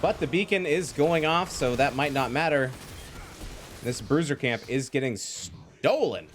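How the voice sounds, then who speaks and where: A man casting a live esports match with energetic play-by-play, calling out fights and thanking viewers. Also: medium pitch, unhurried, slight background noise. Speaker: esports caster.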